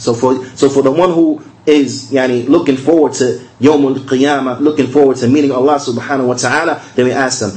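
A man giving a recorded religious lesson in a conversational way. He repeats key phrases, asks rhetorical questions, and slows down to spell out verses. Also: medium pitch, steady tone, a little mellow, low-quality recording. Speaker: religious teacher.

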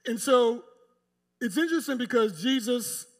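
The pastor's voice is very high and expressive as he preaches to a live church congregation. He delivers the sermon with emphasis and long pauses, turning directly to the pews.

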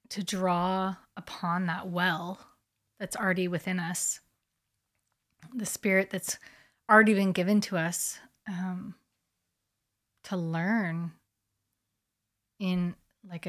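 A woman co-hosting a casual chat about faith, speaking in a reflective, soft-spoken way. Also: lowish voice, steady tone, slow, pauses often.

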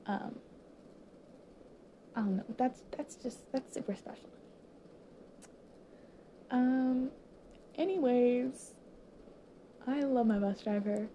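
A young woman in her late teens, a high school student, choked up and teary as she talks to viewers in a halting, emotional monologue full of pauses that keeps dropping into whispers. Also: warm tone, a little hiss or hum.

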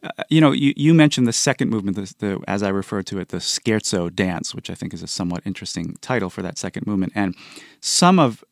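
A man's voice: on the low side, expressive, quick pace, gravelly, hardly any pauses, no room sound, studio quality. Man explaining music thoughtfully. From United States. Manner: thoughtful, counts beats and hums rhythms aloud. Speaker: composer guest. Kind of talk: explanatory interview talk.

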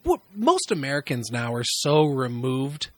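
A man in casual chat who describes himself as loud, telling animated and profane stories. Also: mid-range voice, a little slow, no room sound.

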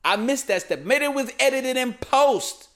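Animated high-pitched male comic ranting. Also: moderate pace. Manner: animated, slangy, keeps saying "man". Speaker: comedic commentary host. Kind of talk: loose comedic rant.

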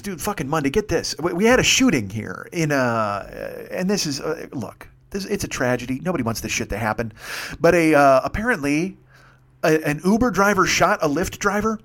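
A young man telling a story in casual, profane podcast chat, acting out the other people's lines. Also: a little high. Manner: fast, profane, animated, acts out dialogue. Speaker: podcast host.

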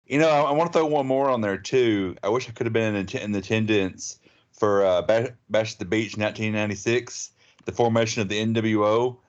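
A man's voice: fairly low pitch, fairly even intonation, fairly quick. Laid-back rambling man, lo-fi sound. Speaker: podcast co-host. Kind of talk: casual chat.

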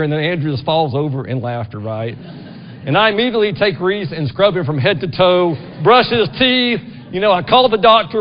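A man's voice: high voice, animated, fairly quick, slight background noise. A middle-aged man preaching a sermon in a church, talking conversationally and often asking the congregation "right?". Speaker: pastor. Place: church sanctuary. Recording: dull long-reverb church recording.

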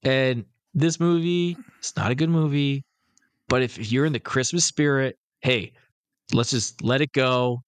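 A man's voice: medium pitch, unhurried, smooth, dry recording. Swearing rambling man on a podcast. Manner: rambling, swears often, acts out scenes. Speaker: podcast co-host. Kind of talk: casual profane movie chat.

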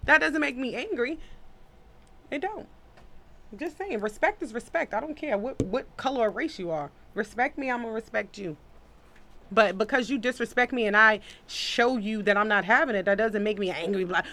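A woman's voice: a little high, animated, moderate pace, pushed and bright. A woman hosting a podcast, chatting casually and bluntly, cursing and laughing as she reads listener comments. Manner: blunt, profane, laughs a lot. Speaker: podcast host.

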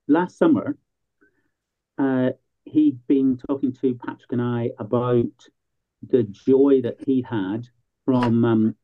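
Man from Northern Ireland, club owner, easygoing anecdotes, mid pitch, phone-quality audio. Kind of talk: casual interview chat. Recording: tinny phone-like line.

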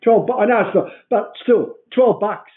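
A man's voice: high voice, moderate pace. An Australian man complaining in casual chat, sweary and exasperated. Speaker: podcast co-host. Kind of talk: crude casual rant. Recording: tinny phone-like audio.

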